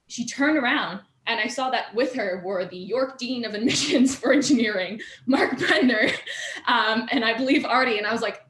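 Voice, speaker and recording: A young woman with a medium-pitched, fairly bright voice speaks fairly quickly as a guest in a casual chat. She tells stories from her student robotics team, full of fillers and laughter. The room is echoey.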